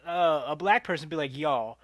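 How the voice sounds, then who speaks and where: Young man, podcast co-host, casual and animated, slightly high voice, dry booth sound. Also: normal speed, no echo. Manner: animated, laughs often, acts out quoted voices. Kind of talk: casual chat.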